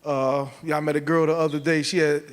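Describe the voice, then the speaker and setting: A man's voice: a little high, level tone, fairly quick, smooth. A man telling crude, casual stories in a stand-up set on a handheld mic. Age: 40s. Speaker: stand-up comedian. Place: comedy club stage.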